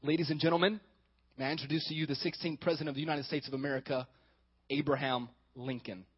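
High-voiced joking male pastor. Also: steady tone, quick pace, breathy edge, highs cut off. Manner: joking, talks with the congregation. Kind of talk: sermon.

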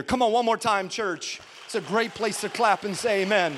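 Male pastor, high voice, preaching a sermon with rising passion, calls out to the church. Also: normal speed, a bit bright, slight background noise. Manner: preaching with rising intensity, calling out to the congregation; storytelling, tender and emotional.

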